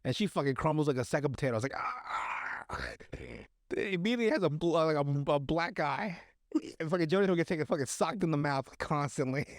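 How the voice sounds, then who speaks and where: A man on a podcast casually recapping a movie, profane and animated, acting out the characters' lines as he goes. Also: on the high side, fast, no echo, clean studio sound. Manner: profane, animated retelling with acted-out quotes. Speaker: podcast host.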